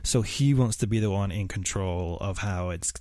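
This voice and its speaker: A man's voice: fairly low pitch, normal speed, warm tone, dry recording, studio quality. A man co-hosting a casual true-crime podcast, telling the story with many fillers and asides. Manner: rambling, filler-heavy storytelling, laughs at own jokes. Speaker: podcast co-host.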